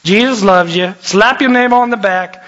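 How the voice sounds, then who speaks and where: Young man, youth pastor, very high voice, jokey lively sermon, dull lo-fi sound. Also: moderate pace. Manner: animated, jokey, shifts voices often. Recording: dull lo-fi recording.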